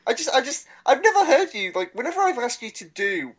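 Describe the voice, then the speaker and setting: A British man co-hosting a casual podcast chat, talkative and quick to laugh. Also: very high voice, poor audio. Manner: chatty, laughs easily, animated. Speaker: podcast co-host.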